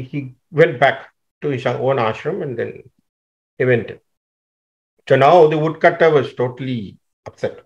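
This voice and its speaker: A man tells a teaching story in a fairly high voice. He talks animatedly and restarts his phrases often. The recording sounds dull and lo-fi. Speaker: teacher explaining scripture. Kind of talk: storytelling explanation.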